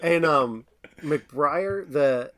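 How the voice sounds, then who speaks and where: A man's voice: a little high, drawn-out words, a bit bright. A man co-hosting a podcast who jumps in to act out quoted lines from a film. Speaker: podcast co-host. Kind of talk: casual film review chat.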